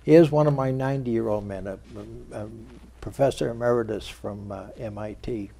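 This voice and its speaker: Gravelly, husky male publisher telling stories. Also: medium pitch, normal speed, warm tone. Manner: storyteller who recounts conversations by quoting others. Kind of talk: interview conversation, telling anecdotes. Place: local TV studio.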